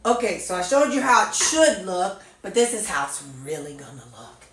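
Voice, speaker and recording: A woman's voice: medium pitch, big pitch swings, normal speed, fairly bright tone. A woman, chatting casually and thinking aloud with lots of fillers as she organizes her home kitchen. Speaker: vlogger. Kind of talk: casual chat while organizing. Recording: very echoey room, mic at a distance.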